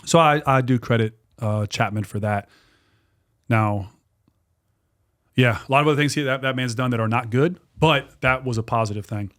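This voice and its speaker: A man in his forties, a guest on a podcast, telling a story in a casual, animated way with lots of restarts and some swearing. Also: mid-range voice, moderate pace. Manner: animated, repetitive, swears freely. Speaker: guest, dog trainer and business owner.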